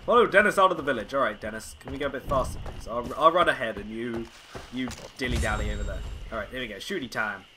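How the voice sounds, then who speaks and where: A man's voice: medium pitch, fast, background noise. A young man casually commenting on a game, sarcastic and chatty, often exasperated. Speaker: let's play gamer. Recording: game music loud behind voice.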